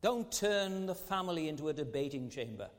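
A man's voice: a little high, animated, a little fast. A man preaching a sermon as pastor, earnest and fond of rhetorical tag questions. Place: large church sanctuary. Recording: long church hall reverb.

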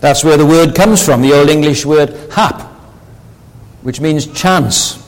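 A preacher delivering a sermon, earnest and building to emphatic rhetorical questions. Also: male voice, a little high, unhurried, long reverb tail, low-quality recording. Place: church.

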